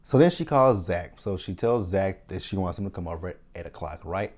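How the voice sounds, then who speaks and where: A man in his thirties with a deep, low-set voice runs through a TV episode recap. He tells it casually and with energy, dropping in slangy comments and acting out what the characters said. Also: fairly quick. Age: 30s. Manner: animated retelling with slangy asides, quoting characters. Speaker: TV recap host.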